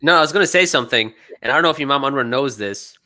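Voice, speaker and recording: Preacher dude, earnest, crisp bright tone, normal pitch. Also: male voice, lively intonation, very fast. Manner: earnest, emphatic storytelling. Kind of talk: casual panel talk.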